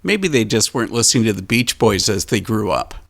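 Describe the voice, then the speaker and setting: A man's voice: fairly low pitch, big pitch swings, fairly quick, gravelly, fairly bright tone. Chatty male radio host. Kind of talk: casual interview chat.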